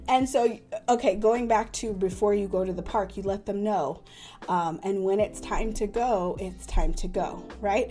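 Woman podcast host, thirties, conversational parenting advice, faint music underneath. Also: a little high. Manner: conversational, says "right?" often, warm-toned explanations. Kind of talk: casual advice talk.

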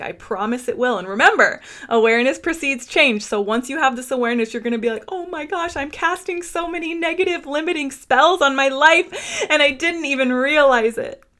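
Earnest woman with a fairly high voice. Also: fairly bright tone. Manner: earnest, emphatic, motivational. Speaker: podcast host. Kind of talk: mindfulness podcast monologue.

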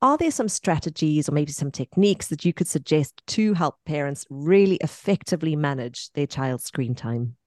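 Woman, low voice, podcast interviewer, affirming, asks open questions. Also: expressive, moderate pace, few pauses, a little mellow, no room sound, studio quality.

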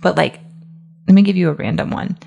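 Woman podcast host, business coach, low voice with heavy vocal fry, casual and emphatic. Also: brisk, warm tone. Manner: casual, emphatic, many fillers like "like" and "right?". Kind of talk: solo podcast monologue.

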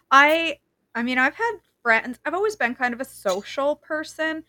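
A woman's voice: sits high, animated, a little slow, sharp tone, dry recording, studio quality. A woman hosting a casual chat, chatty and laughing easily. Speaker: podcast host.

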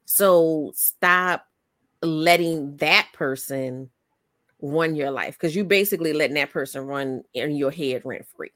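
A woman podcast host and coach in casual interview chat, talking in an animated, motivational way with many fillers. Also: deep voice, a little slow, no echo, clean studio sound.

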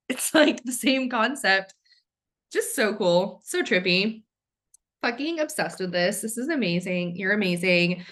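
An excitable young woman hosts a casual podcast chat, gushing over everything and dropping the odd swear word. Her pitch swings widely as she enthuses. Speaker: podcast host.

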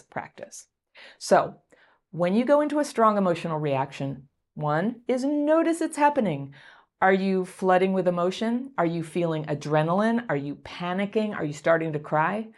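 A woman teaching how to calm strong emotions, in a coaching tone, laughing often and checking in with the listener. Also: lowish voice. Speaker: therapist teaching emotional regulation. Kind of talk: direct-to-camera teaching talk.

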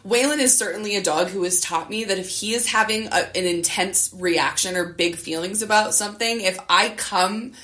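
A woman's voice: mid-range voice, normal speed, few pauses, bright, forceful tone, roomy sound. A woman hosting a podcast about dogs, talking in a loose conversational way with lots of "right?" and "you know". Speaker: podcast host. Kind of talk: casual interview chat.

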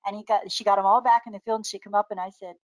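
An older woman, a naturopathic doctor appearing as a guest, tells lively stories at a racing pace and imitates the voices of the people in them, laughing often. Her medium-pitched voice sounds dry and close, and the recording is rough.

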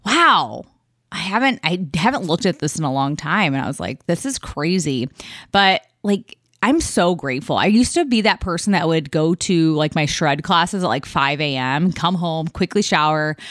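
A woman's voice: on the low side, fairly bright tone, no room sound, studio quality. A woman in her thirties hosting a podcast, talking through an unscripted, rambling monologue full of "like". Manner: chatty, rambling, heavy use of "like". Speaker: podcast host.

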